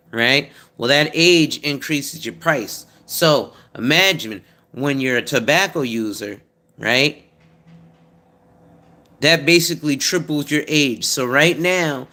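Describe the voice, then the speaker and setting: Blunt, profane man with a bright voice. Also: fairly high pitch. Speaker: insurance advisor host. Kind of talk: casual monologue.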